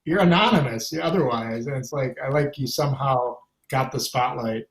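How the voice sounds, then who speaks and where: A man, a guest stand-up comic, chatting casually with dry, deadpan quips. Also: mid-range voice, normal speed. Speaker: guest comedian. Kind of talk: casual chat. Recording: echoey room with faint noise.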